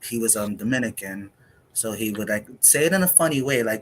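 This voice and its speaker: In a medium-pitched voice, a man performs spoken word poetry with a measured, reflective delivery and pauses. He is a poet of half Dominican, half Puerto Rican heritage raised in the United States.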